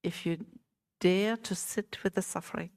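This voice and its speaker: A woman teacher giving a Buddhist talk to a small group, gentle and unhurried, often asking her listeners questions. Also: lowish voice, fairly even intonation. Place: meditation center hall.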